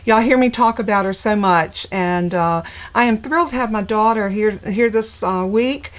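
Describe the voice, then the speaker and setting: A mid-range female voice at a moderate pace belongs to an older Southern-accented American who hosts a crafting channel. On a casual live stream, she chats in a homey way and says hello to viewers by name.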